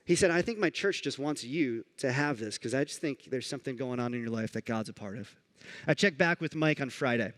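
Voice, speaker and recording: A man preaching a sermon in a church, telling stories in a conversational way with frequent restarts and asides. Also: fairly high pitch. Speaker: pastor. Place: church sanctuary.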